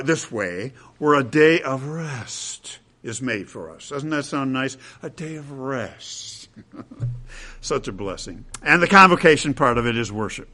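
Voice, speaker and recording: A man's voice: mid-range voice, a bit bright. Conversational male preacher with asides. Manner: conversational, with asides and "okay?" checks. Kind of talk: sermon.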